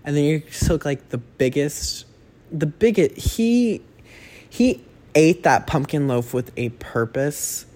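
A man's voice: on the high side, expressive, slow, dark tone. A young man rambling through a casual solo monologue as a podcast host, chatty and self-correcting, swearing freely. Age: young adult.

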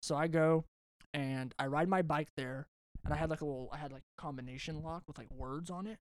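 Speaking a little fast, a young podcast host spins out a lengthy, lively tale, cursing freely and often starting his sentences over. The recording is close and dry, capturing a smooth, clear voice that sits a bit high.

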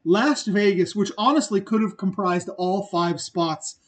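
A man with a notably high-pitched voice trades casual, profane movie opinions as a podcast co-host. He talks bluntly and with plenty of enthusiasm. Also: unhurried. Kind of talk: casual movie-review chat.

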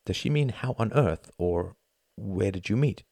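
A man narrating a novel as an audiobook in a measured, expressive storytelling manner. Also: lowish voice, creaky, husky, no echo.

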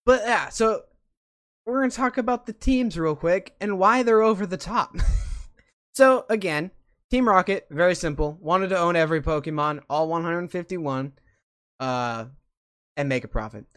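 A show host chatting casually and enthusiastically at a middle pitch. The talk rambles with plenty of fillers. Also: normal speed, fairly bright tone. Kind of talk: casual chat about video games.

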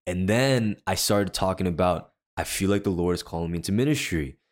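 Deep-voiced and brisk, this faith podcast co-host earnestly recounts a personal story during relaxed conversation. He performs the quoted lines of others as he goes.

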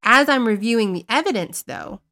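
A woman co-hosting a casual podcast about paranormal investigation, telling her stories in a chatty, animated way and poking fun at herself. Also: on the high side, fairly quick. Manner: chatty, animated storytelling, self-mocking. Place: based in Northeast Florida.

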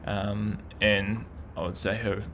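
A man's voice: on the low side, level tone, slow pace, fairly bright tone, a little hiss or hum. A man chatting casually about a race, hesitant and thoughtful with many fillers. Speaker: downhill racing pundit. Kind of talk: casual chat.

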